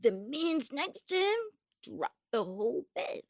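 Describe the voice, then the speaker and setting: A woman's voice: sits high, very animated, unhurried, dry recording, studio quality. A young woman co-hosting a podcast, laughing a lot and reenacting moments in casual chat. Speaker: podcast co-host.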